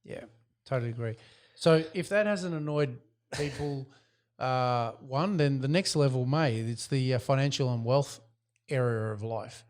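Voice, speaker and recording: A man co-hosting a podcast, speaking in a reflective, conversational way. He works through his points with personal stories and acts out quoted exchanges along the way. His pitch sits in an ordinary middle range. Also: a little slow, a little mellow. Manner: reflective, tells anecdotes with quoted dialogue. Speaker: podcast co-host. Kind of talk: casual business podcast chat.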